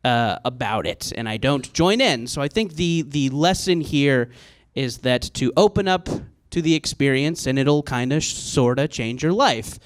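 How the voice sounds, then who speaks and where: A man's voice: medium pitch, animated, moderate pace, slight background noise. A man in his thirties telling a comic story on stage at a live show, rambling and self-mocking with many fillers. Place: live show venue with audience.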